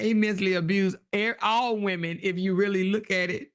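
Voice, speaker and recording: A woman's voice: mid-range voice, steady tone, moderate pace. A woman hosting a casual livestream, reading viewer comments aloud and answering them in a blunt, profane way. She laughs often and loses her train of thought. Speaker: livestream host.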